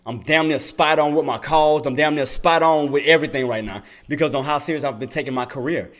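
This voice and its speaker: A man's voice: on the high side, brisk. A man giving casual trading commentary to his viewers, repeating himself emphatically. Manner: repetitive, emphatic, addresses viewers as y'all. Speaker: day trader and livestream host.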